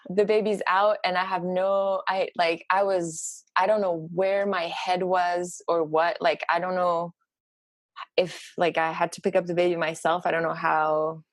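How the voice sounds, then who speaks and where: A woman sharing a personal story in casual conversation, animated and halting, with many fillers. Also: lowish voice, dry recording. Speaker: podcast guest.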